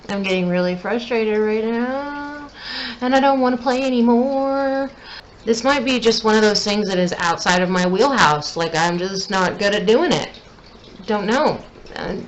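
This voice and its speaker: A woman's voice: mid-range voice, moderate pace, slight background noise, poor audio. Frustrated young woman vlogging makeup. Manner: self-deprecating, increasingly frustrated, thinking aloud. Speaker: beauty vlogger. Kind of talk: casual makeup tutorial chat.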